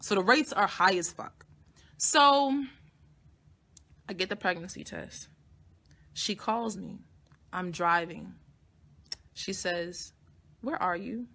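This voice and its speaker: A young woman vlogger telling a personal story to her audience in a blunt, profane, animated way. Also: fairly low pitch, slow, gravelly, pauses often. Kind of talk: casual storytelling to camera.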